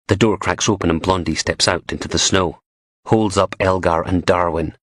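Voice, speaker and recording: A man's voice: deep voice, fairly even intonation, moderate pace, a bit bright, husky, no room sound, studio quality. A man narrating a crime audiobook in a gritty, profane, darkly comic manner.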